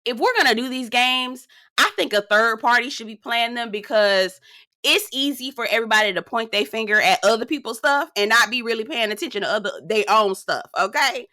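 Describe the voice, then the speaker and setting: A chatty woman recaps a reality series with plenty of sass, talking straight to her viewer as "girl". Her voice is bright and forceful, and it swings up high whenever she wants to stress a point. The sound is dry and close, with no room around it. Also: a little fast, no room sound. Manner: animated, swinging up high for emphasis. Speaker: reality TV reviewer. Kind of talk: casual recap commentary.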